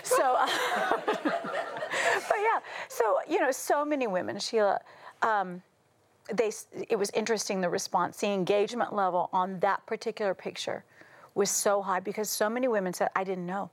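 A middle-aged American woman, a talk show guest, telling stories with lively quoted voices and frequent laughter. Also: medium pitch, fairly quick. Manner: animated, acts out quotes, laughs often. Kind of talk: casual talk show storytelling.

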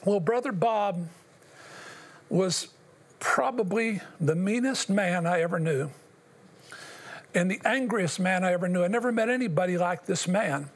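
A man's voice: sits high, unhurried, long pauses. An older man giving an earnest, emotional personal testimony as an interview guest. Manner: earnest, emotional storytelling addressed to the host.

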